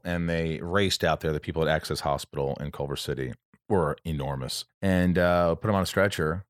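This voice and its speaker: A man with a very low, deep voice hosts a podcast, recorded close and dry. He talks casually and earnestly, rambling through a personal story with an emotional edge and frequent restarts. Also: fairly quick, dry recording. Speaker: podcast host.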